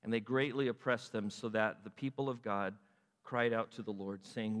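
A man preaching a sermon in an animated way, acting out God's words and asking his listeners questions. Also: fairly low pitch, normal speed, long reverb tail. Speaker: pastor.

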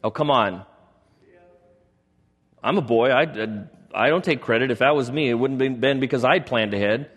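A man preaching a sermon, retelling a story with animated delivery and acting out quoted lines. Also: medium pitch, normal speed, long pauses, long reverb tail. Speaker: pastor.

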